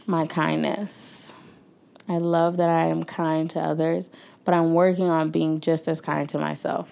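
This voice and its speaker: In this warm, emotional podcast outro, a young woman chats casually to "y'all," packing in fillers and repeated thanks. Her voice runs on the low side and has a gravelly texture.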